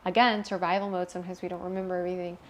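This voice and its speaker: A woman's voice: on the low side, little pitch movement, very fast, slight background noise. A young adult woman, an interview guest, telling a painful personal story candidly and emotionally, swearing freely.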